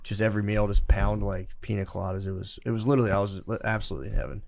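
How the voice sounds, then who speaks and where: A man's voice: on the low side, steady tone, racing, creaky, a little mellow. A man co-hosting a podcast, telling a rambling, profane story in casual chat, full of fillers and restarts. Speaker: podcast co-host.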